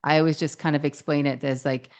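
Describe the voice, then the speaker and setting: Low-voiced woman psychologist, affirming. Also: fairly even intonation, quick pace, a little mellow, clean tone. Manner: thoughtful, affirming, frequent agreeing. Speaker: relationship psychologist, podcast co-host. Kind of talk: conversational podcast discussion.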